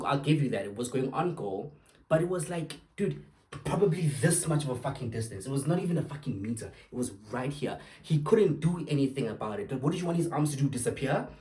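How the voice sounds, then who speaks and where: With a darkish, mid-range voice, a young man rails against football referees on his own podcast. He swears heavily and keeps erupting into sarcasm.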